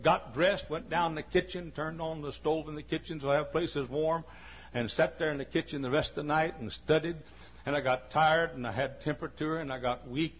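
A man preaching a sermon as pastor, dropping to quiet confiding talk and rising to shouted peaks. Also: a little high, breathy edge. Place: church. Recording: dull lo-fi recording.

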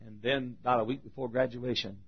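A man preaching a sermon, telling emotional stories with many repetitions and swings between loud and hushed. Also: medium pitch, steady tone, fairly quick, breathy edge. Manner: emotional storytelling with repetitions, shifting volume. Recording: dull lo-fi sermon recording.

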